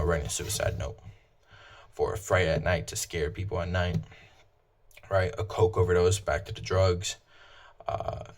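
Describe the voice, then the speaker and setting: A man casually explaining his own song lyrics in a flat, low-emotion way, with many fillers.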